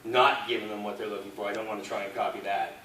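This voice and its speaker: A man's voice: on the low side, level tone, fast, sharp tone, slight background noise. A man telling chatty anecdotes as a guest on a convention panel. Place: convention hall. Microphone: filmed from audience seating. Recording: echoey hall from far off.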